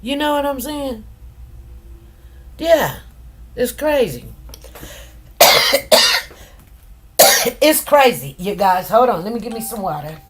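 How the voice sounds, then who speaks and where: A woman's voice: fairly high pitch, animated, takes it slowly, pauses often, a little hiss or hum. A woman hosting a live stream, chatting casually and directly to her viewers in a slangy, talkative way. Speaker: livestream host. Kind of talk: casual commentary to a live chat.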